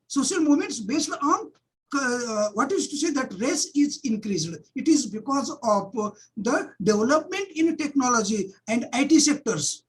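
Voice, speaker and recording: A woman's voice: high-pitched, rough recording. A middle-aged woman giving an academic webinar lecture, often repeating key phrases and starting sentences with "see".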